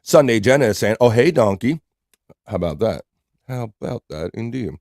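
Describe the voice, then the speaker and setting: With lively intonation at normal speed, an American livestream host casually greets viewers and reads out chat messages in a relaxed style. His mid-range voice has a darkish tone, captured as clean studio sound without echo.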